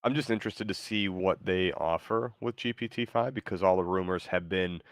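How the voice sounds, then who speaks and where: A man hosting a show, chatting casually with an AI in a halting, easygoing way. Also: low voice, smooth, no room sound. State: tired, yawning. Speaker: show host. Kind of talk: casual chat with an AI.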